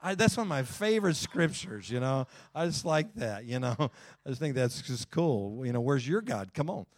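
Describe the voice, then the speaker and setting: A male pastor preaching in a folksy, animated way, leaning on the crowd and dropping to quiet asides between fired-up runs. His voice sits at an ordinary middle pitch. The sound is close and dry, with no room echo. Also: normal speed. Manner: folksy, talks to the congregation directly. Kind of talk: sermon.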